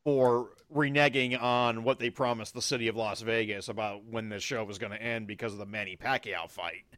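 A man's voice: lowish voice, steady tone, moderate pace, a bit bright, no echo, clean studio sound. A man co-hosting a casual podcast, recapping events with many ums and uhs. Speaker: podcast co-host.

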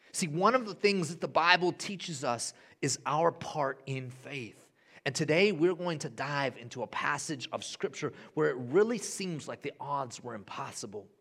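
A man in his thirties, a pastor preaching a sermon with animated storytelling that swings between hushed and loud. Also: fairly high pitch. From Honduras.

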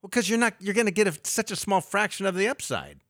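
A middle-aged man, a financial advisor, explaining investing on a radio talk show in a lively way with everyday analogies. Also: high-pitched, quick pace, no room sound, studio quality.

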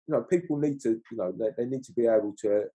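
A middle-aged man who is a film crew guest talks loosely in a casual interview, tacking "you know what I mean" onto nearly every point. He talks fast in a mid-range voice that is warm and husky.

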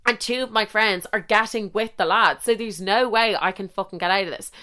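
A woman's voice: mid-range voice, fairly quick, clear, resonant tone. Sweary Irish woman telling a story. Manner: heavy swearing, lively and indignant. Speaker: podcast host. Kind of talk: profane storytelling monologue.

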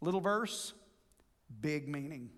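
A man's voice: on the high side, lively intonation, slow pace, fairly bright tone. A man preaching a sermon as pastor, earnest and expository, drawing out words for emphasis. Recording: long hall reverb.

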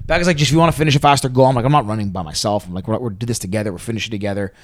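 A man co-hosting a podcast, telling a race story in a rambling, animated way with lots of fillers. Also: on the low side, racing. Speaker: podcast co-host. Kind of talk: casual chat.

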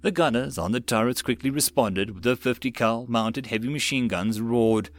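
A man reading a web novel audiobook in a plain, steady narrating manner with occasional slips. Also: medium pitch, normal speed, no room sound.

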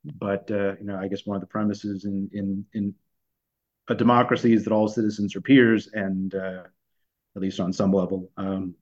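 A lower-pitched man who co-hosts a podcast and talks through his points in a halting, thoughtful way. He restarts his phrases and fills pauses often. The recording is muffled and lo-fi. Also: level tone, darkish tone. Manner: hesitant, many restarts and fillers. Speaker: podcast co-host. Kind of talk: conversational discussion. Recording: dull lo-fi recording.

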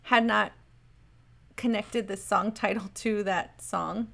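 A woman's voice: mid-range voice, steady tone, unhurried, creaky, a bit bright. A woman co-hosting a podcast in casual chat, rambling and often laughing mid-sentence. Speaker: podcast co-host.

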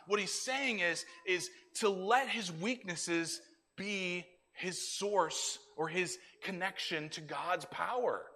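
A man giving an animated children's sermon, acting out quotes for the kids, in a church hall with an echoey sound. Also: high-pitched, unhurried. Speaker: children's ministry speaker.

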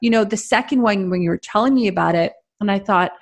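A woman hosting a podcast interview in a relaxed, conversational way. She speaks thoughtfully, with small hesitations. Her voice sits at a middle pitch. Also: fast talker. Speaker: podcast host. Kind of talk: casual interview chat.

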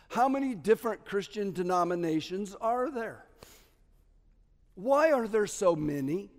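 A man preaching a sermon as pastor, stressing key words loudly and dropping to quiet asides. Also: sits high, sing-song, unhurried, big-room sound. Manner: emphatic, swings between loud stresses and quiet asides.

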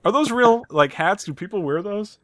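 A man's voice: high voice, animated, moderate pace, fairly bright tone, dry recording, clean studio sound. A man hosting a casual podcast, narrating an episode's plot step by step and chuckling at the gags. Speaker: podcast host. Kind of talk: casual episode recap chat.

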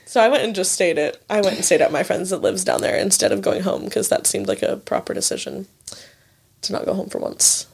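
A woman's voice: mid-range voice, fairly quick, gravelly, breathy edge. A young woman in her twenties co-hosting a casual chat, telling stories with lots of "like" and plenty of swearing. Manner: chatty storyteller, lots of "like", swears freely.

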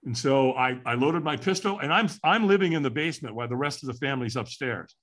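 A man's voice: medium pitch, expressive, quick pace, fairly bright tone. An older man from California, a guest in an interview, tells his personal story earnestly and candidly and voices his own past thoughts aloud.

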